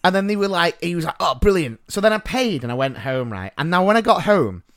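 A man spins a long comic anecdote on a podcast, his pitch rising and falling a lot as he acts out both sides. He is self-mocking and often laughs as he talks, with a voice pitched a little above most men's. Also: sing-song, quick pace, a bit bright. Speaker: podcast co-host. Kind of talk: casual storytelling chat.

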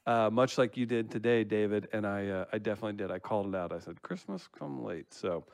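A man's voice: lowish voice, quick pace, clean tone, no room sound. A man co-hosting a podcast, reading listener comments aloud in casual banter and laughing often. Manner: laughs often while reading, relaxed joking.

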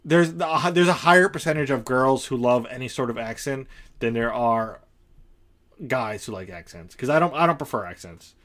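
A man's voice: medium pitch, expressive, moderate pace, fairly bright tone. Hesitant male podcast co-host. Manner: hesitant, circles back while arguing a point. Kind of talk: casual chat.

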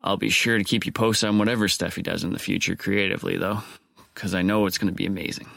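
Male podcast host, low voice, dry close-miked sound, joking and casual. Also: steady tone, quick pace, creaky, fairly bright tone, no echo. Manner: wry, joking asides.

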